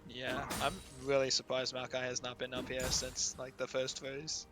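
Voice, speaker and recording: Male co-caster, mid-pitched, relaxed analysis, loud music behind. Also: moderate pace. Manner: casual analysis with short reactions. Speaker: esports co-caster. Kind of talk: live esports commentary. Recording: loud music playing underneath.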